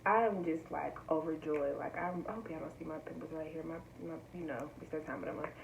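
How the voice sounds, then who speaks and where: A young woman chatting excitedly and directly to her viewers in a casual unboxing vlog. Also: low-pitched, a little fast, gravelly, noisy background. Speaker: vlogger. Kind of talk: casual unboxing chat to camera.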